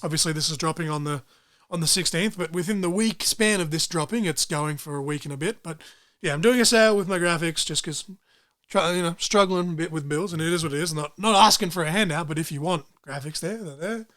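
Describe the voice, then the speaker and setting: A young man co-hosts a laid-back podcast in a slightly high voice. He rambles excitedly from one plug to the next, swearing freely as he goes. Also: quick pace. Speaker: podcast co-host. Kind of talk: casual podcast chat.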